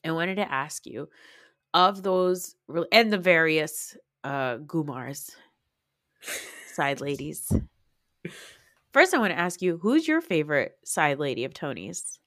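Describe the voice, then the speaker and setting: A woman hosts a podcast in easy, casual chat, her voice sitting a little low. She talks with animation, laughs often and acts out scenes as she goes. The sound is dry and close. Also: very animated, slow pace, pauses often, a bit bright, dry recording. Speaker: podcast host.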